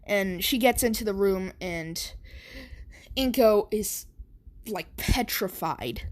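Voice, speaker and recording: Slow, rambling woman telling a fan story. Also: mid-range voice. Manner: rambling, many fillers and restarts. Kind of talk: casual fan-story narration.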